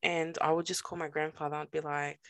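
A young woman co-hosting a podcast, chatting casually with quick reactions, frequent laughter and casual swearing. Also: low voice, level tone, dry recording. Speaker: podcast co-host. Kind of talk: casual chat.

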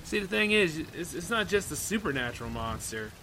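A man with a slightly high, very animated voice hosts a podcast, reading a horror story aloud at a brisk clip. He keeps breaking off for loose, chatty asides packed with "like" and "man." Music plays underneath and the audio quality is poor.

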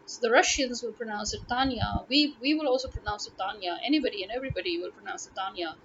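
A Pakistani woman vlogger, speaking Pakistani-accented English at a quick pace with a voice on the high side, rants casually to camera in an opinion monologue. She sounds exasperated, firing rhetorical questions, and the audio is dull lo-fi with faint noise.

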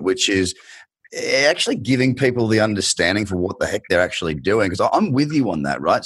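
A podcast host conducts a conversational interview, talking animatedly and acting out the people he quotes. His voice is fairly low with a breathy edge, recorded with no echo.

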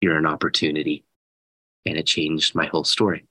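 A man in his thirties, a guest telling a personal story in an earnest, animated way and acting out the quotes. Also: very deep voice, fairly quick, dry recording, low-quality recording. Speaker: guest speaker. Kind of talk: storytelling in an interview.

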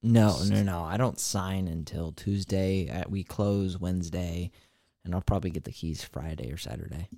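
A young man co-hosting a podcast, teasing his friend with deadpan jokes in casual chat. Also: low-pitched, normal speed, no echo, clean studio sound. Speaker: podcast co-host.

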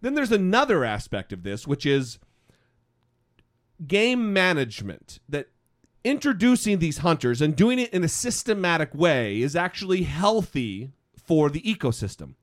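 A man's voice: fairly high pitch, moderate pace. A man hosting a podcast, talking in a casual, opinionated, rambling way with many restarts. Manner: rambling, animated, restarts often. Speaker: podcast host.

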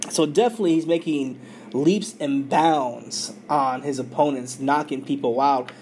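A man's voice: mid-range voice, measured pace, a little mellow. Man, casual podcast host, mid-range voice, filler-heavy storytelling, faint background noise. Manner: loose, filler-heavy retelling with quoted dialogue. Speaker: podcast host recapping an anime. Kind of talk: casual episode recap.

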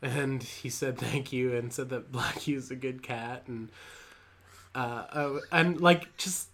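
A man's voice: medium pitch, steady tone, slow pace, fairly bright tone, slight background noise. A young man co-hosting a casual chat, telling a long awkward anecdote with frequent laughs and restarts. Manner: rambling, self-deprecating, laughs often. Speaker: podcast co-host.

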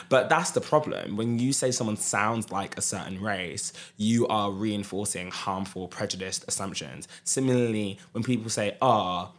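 A young man with a Southern English accent and a lowish voice, talking on a podcast. He lays out his ideas earnestly, building each point with care. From England. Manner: earnest, explanatory. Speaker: podcast guest. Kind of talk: casual podcast discussion.

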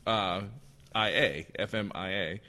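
A man's voice: low voice, unhurried, sharp tone, long reverb tail, a little hiss or hum. A man hosting a casual chat, laughing as he retells a favorite story. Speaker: podcast host.

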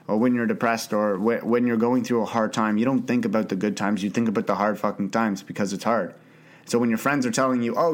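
A young man hosting a solo podcast, talking earnestly and off the cuff with frequent restarts and the odd swear word. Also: lowish voice. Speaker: podcast host. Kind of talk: unscripted solo podcast monologue.

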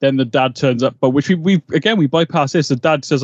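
A man of middling pitch rambles and laughs through a casual podcast chat. His mic sounds a little dull and muffled, and dry. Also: a little fast, slightly rough, no room sound. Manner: rambling, animated, laughs a lot. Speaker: podcast co-host. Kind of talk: casual episode recap chat.

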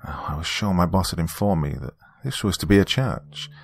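A man narrating a scripted first-person horror story in a measured, descriptive way. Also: low voice, lively intonation, gravelly, slightly rough, no echo.

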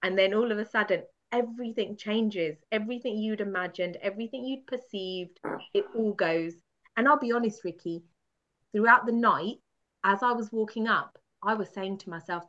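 A woman guest from the UK telling a candid story with animated, laughing self-mockery. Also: medium pitch, normal speed. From United Kingdom. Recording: dull lo-fi sound.

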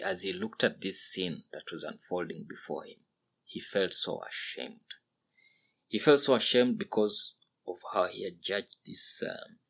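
A man narrating a story in an earnest, unhurried way. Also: sits low, creaky, pushed and bright, slightly rough.

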